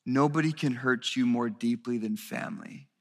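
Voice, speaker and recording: Speaking at a normal pace in a mid-range, darkish voice, a pastor addresses his church in an echoing hall. His earnest sermon builds toward raised intensity.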